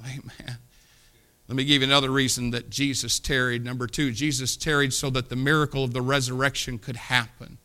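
Bright, forceful man preaching a sermon. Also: mid-range voice, clean tone. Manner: animated preaching with sudden loud rises and soft drops; acts out voices in his stories. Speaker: pastor.

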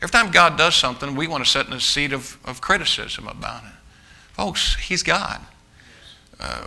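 A male pastor delivers a sermon to a congregation in a church, with a very bright, tense and cutting tone. He is emphatic and insistent, repeats himself as he restarts phrases, and keeps addressing the room directly. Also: fairly high pitch, lively intonation, normal speed, vocal fry. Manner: emphatic preaching, often restarting phrases and calling out to the congregation as folks.

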